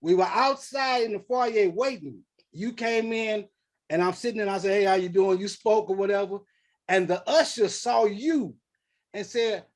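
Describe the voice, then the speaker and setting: A man's voice: sits high, normal speed. A middle-aged man from St. Louis hosting a casual interview, telling stories with acted-out quotes and frequent laughter. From St. Louis, USA. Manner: animated storyteller, acts out quotes, laughs often. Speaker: podcast host.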